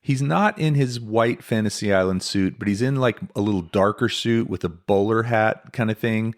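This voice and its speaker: Low-voiced male podcast host. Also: moderate pace. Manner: conversational, many fillers and asides. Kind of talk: casual storytelling chat.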